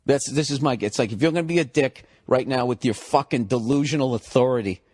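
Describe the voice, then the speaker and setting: A man telling a story as a stand-up comedian, profane and ranting, building up to loud outbursts. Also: mid-range voice, brisk.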